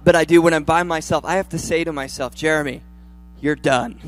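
A young man preaching a sermon in a church, chatty and joking, then rising to loud fervor. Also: on the high side, fairly even intonation, fast. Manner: humorous, conversational preaching that builds to loud fervor. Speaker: pastor.

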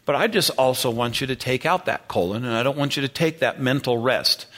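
A man's voice: mid-range voice, fairly quick, a bit bright. A man who is a senior pastor preaching a sermon in a conversational way, often repeating himself and checking in with the congregation.

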